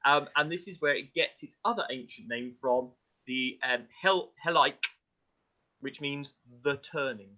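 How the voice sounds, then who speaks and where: A man's voice: medium pitch, measured pace. A man co-hosting an astronomy podcast, telling myths in a jokey, irreverent way. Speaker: podcast co-host. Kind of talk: casual chat about astronomy. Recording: dull lo-fi audio.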